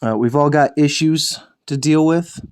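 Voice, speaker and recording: A man's voice: a little high, a little slow, clean tone. Rambling, jokey man hosting a painting show. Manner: rambling, self-correcting, jokey with swearing. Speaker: host of a miniature painting show. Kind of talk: casual chat while painting.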